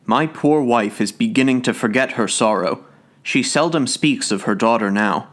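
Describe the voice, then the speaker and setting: A man doing a stern grieving old gentleman. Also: medium pitch, moderate pace, lightly acted. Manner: angry then sorrowful.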